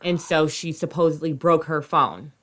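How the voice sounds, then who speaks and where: A woman in her thirties co-hosting a podcast, talking in a loose, chatty way. Her voice sits a little low, and she is expressive and swears freely, getting louder and then quieter as she goes. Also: moderate pace. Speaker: podcast co-host. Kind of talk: casual chat.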